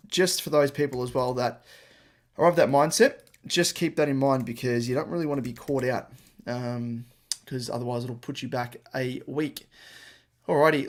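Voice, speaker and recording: A young man hosting a fantasy football live stream, talking in a casual, chatty way while working his computer. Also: medium pitch.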